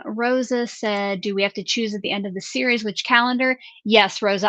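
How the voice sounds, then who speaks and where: A woman co-hosting a crafting livestream in a casual, chatty way, answering viewer questions and announcing giveaway winners with drawn-out reveals. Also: medium pitch, a bit bright, no room sound. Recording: slightly muffled dry livestream audio.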